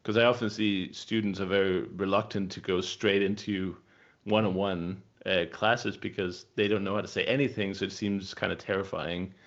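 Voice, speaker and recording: A man hosting an interview, asking relaxed questions and laughing easily. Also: deep voice, normal speed, highs cut off. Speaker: host. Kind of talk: casual interview.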